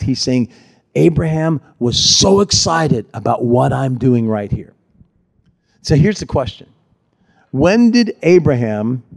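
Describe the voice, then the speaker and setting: Animated preaching man, fairly high voice. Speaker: pastor. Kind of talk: sermon.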